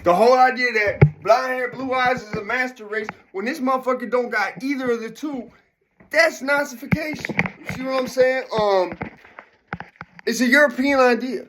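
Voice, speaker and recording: High-voiced man, slurring casual rant. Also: slight background noise. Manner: slurred, loose speech, gets loud when worked up; profane and conversational, keeps asking if you follow. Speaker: vlogger.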